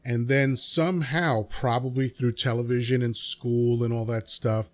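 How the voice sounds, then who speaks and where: A man's voice: medium pitch, fairly even intonation, unhurried. A man with a New York accent hosting a podcast interview, telling his stories in an easygoing, talkative way. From Dominican Republic. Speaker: podcast host. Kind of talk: casual interview chat.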